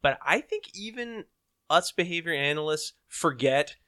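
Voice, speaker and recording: Joking male behavior analyst, bright voice. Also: on the high side, moderate pace. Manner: joking, lively storyteller. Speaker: podcast co-host, behavior analyst. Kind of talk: casual podcast chat.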